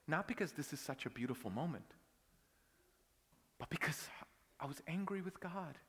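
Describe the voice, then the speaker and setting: A pastor preaching a sermon, telling a personal story that swings from hushed whispers to loud outbursts. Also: male voice, a little high, expressive, moderate pace, pauses often, husky, in a large hall.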